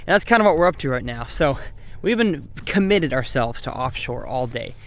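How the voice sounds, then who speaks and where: A man vlogging from a boat on a lake, chatting and excitable as he explains how he practices for fishing tournaments. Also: mid-range voice, moderate pace. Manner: chatty and excitable, thinking aloud. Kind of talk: casual vlog with fishing tips.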